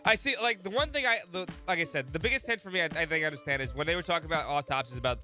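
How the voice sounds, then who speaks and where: A man's voice: fairly high pitch, very fast, few pauses, sharp tone, soft background music. A man co-streaming a game, chatting casually with emphatic, profane asides. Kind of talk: casual chat.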